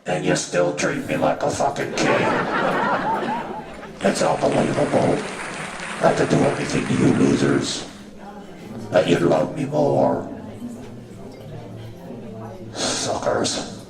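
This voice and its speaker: A man's voice: sits low, animated, takes it slowly, gravelly, pauses often, crowd noise, voice pushed up, exaggerated voice. A man doing stand-up as a crude, callous male god who mocks his worshippers. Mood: mocking. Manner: crude, mocking and swaggering. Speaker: stand-up comedian. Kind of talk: stand-up comedy in character. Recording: roomy live venue from far off, audience noise.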